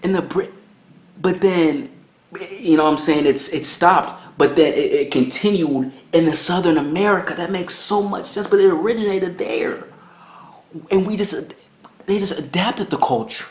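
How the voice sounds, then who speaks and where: A young man hosting a reaction video, talking casually in an excitable, rambling, slangy way. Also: fairly high pitch, normal speed. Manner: excitable, rambling, slangy, lots of "you know what I'm saying". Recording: roomy, echoey room.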